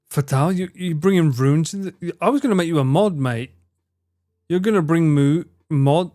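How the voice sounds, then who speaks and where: A man's voice: fairly high pitch, darkish tone, dry recording. Young male streamer, raised voice, very dry close sound, playfully indignant, swears a lot. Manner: mock-outraged, teasing, swears freely. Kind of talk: casual live-stream chat.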